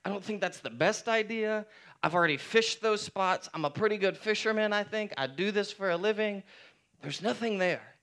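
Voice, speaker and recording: A man's voice: high voice, normal speed, a bit bright, pitched above the performer's own voice. A man voicing a grown male fisherman who pushes back, proud of his skill and sure there is nothing to catch. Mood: defensive. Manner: protesting, self-assured pushback.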